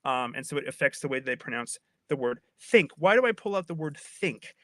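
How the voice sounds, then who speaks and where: Bright-voiced chatty linguist man. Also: medium pitch, brisk, no room sound. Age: 30s. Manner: animated, chatty, with frequent restarts. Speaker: guest linguist. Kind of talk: casual explanatory chat.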